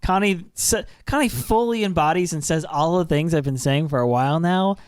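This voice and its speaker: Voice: mid-range voice, a little fast, clear, resonant tone, no echo. Laughing anime podcast co-host, dry mic. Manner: laughs often, retells scenes excitedly. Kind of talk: casual anime recap chat.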